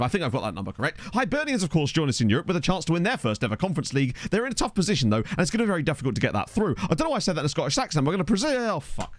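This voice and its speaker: A man chats his way through a game livestream. His pitch swings a lot, and his pitch sits a little high for a man. He is self-mocking and swears freely, and his voice is recorded dry and close on a desktop mic. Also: no echo. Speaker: game streamer. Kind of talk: casual livestream commentary. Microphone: desktop condenser mic.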